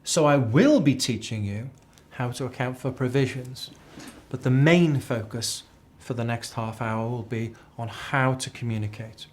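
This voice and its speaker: A man's voice: medium pitch, measured pace, a little hiss or hum. A man teaching an accounting exam class, chatty and repeating key phrases as a drill. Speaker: accounting tutor. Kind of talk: live exam tuition lecture.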